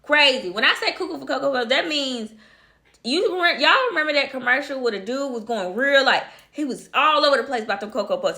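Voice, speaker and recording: A woman's voice: medium pitch, vocal fry, sharp tone. A woman casually telling a personal story to her viewers, chatty and talking to them directly as y'all. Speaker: vlogger.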